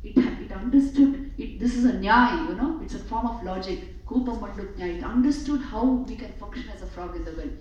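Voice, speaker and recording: A woman giving a spiritual talk, measured and emphatic, repeating phrases for effect as she tells a story. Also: mid-range voice, a little mellow. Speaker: spiritual speaker. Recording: echoey hall from a distant, dull mic.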